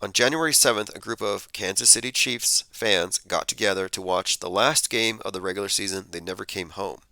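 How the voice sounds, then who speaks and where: Male commentary host, casual and skeptical, lowish voice, crisp and bright. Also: brisk, dry recording. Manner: skeptical, conversational, thinks aloud with fillers. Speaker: podcast host. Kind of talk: casual commentary reading tweets and headlines.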